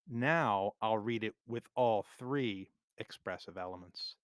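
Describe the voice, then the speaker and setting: A man teaching music theory for drummers in a scripted, measured, clearly explained lesson narration. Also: mid-range voice, lively intonation, no room sound, clean studio sound. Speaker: drum teacher.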